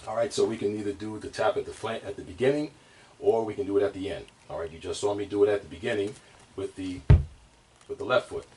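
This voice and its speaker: A man teaching bass drum technique in a casual, rambling way, with many fillers and restarts. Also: fast talker, noisy background. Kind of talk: casual instructional talk. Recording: distant mic, drums playing.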